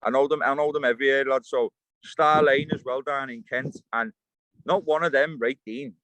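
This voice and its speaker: A man's voice: mid-range voice, steady tone, normal speed, a bit bright, dry recording, low-quality recording. A young man ranting bluntly in an interview, swearing freely while speaking outdoors by the water as he fishes. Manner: blunt, swearing straight talker. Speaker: interview guest. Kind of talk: heated interview rant.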